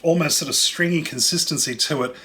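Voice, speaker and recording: A man's voice: a little high, fairly quick, sharp tone. A man hosting a casual cooking show, chatting enthusiastically as he tastes and describes fruit. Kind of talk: casual food demonstration.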